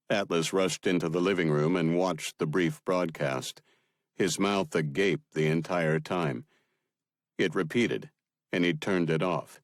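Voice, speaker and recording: A man narrating an audiobook in a steady, measured manner. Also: a bass voice, no echo, clean studio sound.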